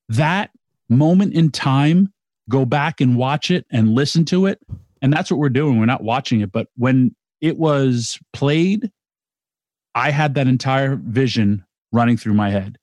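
A middle-aged man co-hosting a casual podcast, talking in an excitable, rambling way with quick restarts. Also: medium pitch, no echo. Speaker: podcast co-host. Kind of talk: casual wrestling chat.

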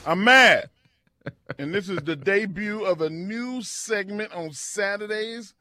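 A man's voice: sits high, a bit bright, faint music behind. Blunt ranting radio co-host man. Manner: blunt, mock-angry rants, drawn-out words. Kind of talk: casual sports radio chat.

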